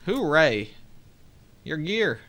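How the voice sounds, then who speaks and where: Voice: medium pitch, big pitch swings, extremely slow, a bit bright. A let's play host giving casual gameplay commentary, reading game text aloud with joking asides, chatting to viewers, swearing and laughing now and then.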